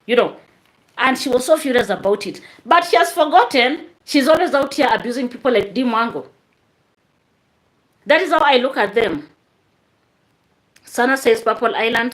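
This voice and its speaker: A woman's voice: on the high side, expressive, moderate pace, pauses often, a bit bright. Chatty woman live-streaming. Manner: chatty, talks straight to viewers. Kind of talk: live-stream commentary reading viewer comments.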